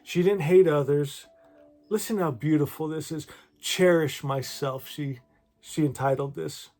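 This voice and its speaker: A man talking warmly to his viewers and reading devotional poems aloud in a gentle, emotional, effusive way. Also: on the high side, fairly even intonation, unhurried. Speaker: spiritual vlogger. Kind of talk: heartfelt talk and poetry reading to viewers.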